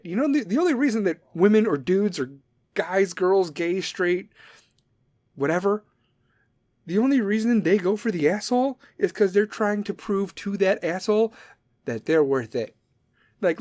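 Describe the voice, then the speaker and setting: A man's voice: sits high, animated, slow pace, long pauses, a little mellow. A man in his thirties hosting a podcast, talking in a blunt, profane, rambling monologue that drifts off on tangents. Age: 30s. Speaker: podcast host.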